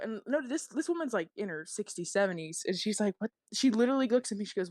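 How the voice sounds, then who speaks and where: A woman chatting casually on a podcast as a guest musician, telling quick profane stories full of laughter. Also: mid-range voice, lively intonation, darkish tone, no echo. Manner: fast, profane storytelling with lots of laughing. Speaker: guest, country rap artist.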